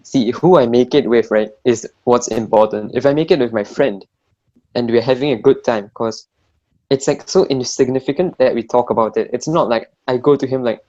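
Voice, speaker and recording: A man's voice: mid-range voice, moderate pace, a little mellow, muffled recording. A young man from Singapore, joking bluntly in a casual podcast chat. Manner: joking, blunt, rambling with fillers. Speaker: podcast co-host.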